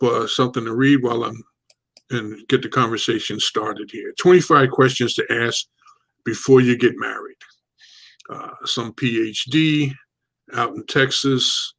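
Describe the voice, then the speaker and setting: A man hosting a casual online talk show, talking in a relaxed, rambling way with many fillers. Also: medium pitch, vocal fry. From United States.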